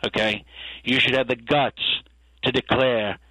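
A man's voice: medium pitch, fairly even intonation, measured pace, sharp tone, no echo, rough recording. A man doing a blustering boastful politician. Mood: boasting. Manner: tags nearly every sentence with a questioning okay, repeats himself. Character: blustering boastful male politician, insulting and self-praising. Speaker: comedic impressionist guest.

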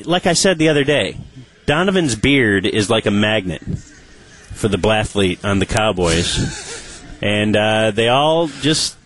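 A man's voice: lowish voice, expressive, unhurried, fairly bright tone, rough recording. Chuckling man hosting sports radio. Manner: wry, chuckling storyteller. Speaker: radio show host. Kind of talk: casual radio banter.

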